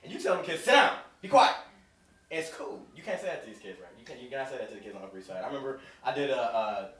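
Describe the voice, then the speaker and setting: On a comedy club stage, a stand-up comedian tells stories at a very fast clip in a medium-pitched voice, animatedly acting out different voices. The recording is roomy and distant, with the audience laughing in the background.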